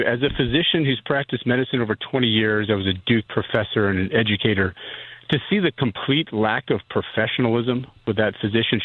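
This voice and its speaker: A man's voice: fairly low pitch, no echo. A middle-aged man, a physician guest, speaking earnestly and somberly in a phone-in interview. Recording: tinny phone line.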